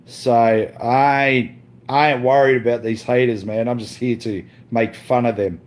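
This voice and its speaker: A man vents on his live stream in a slow, deliberate drawl. His trash talk is crude and boastful, loops back on itself and is peppered with "mate". He often stumbles and restarts his sentences. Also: medium pitch, steady tone. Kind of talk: ranting live stream monologue.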